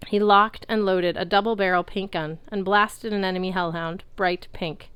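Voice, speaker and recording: A woman reading a novel aloud in a lively way, belting out the characters' shouts. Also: mid-range voice, moderate pace, clear, resonant tone, no room sound. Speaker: audiobook reader.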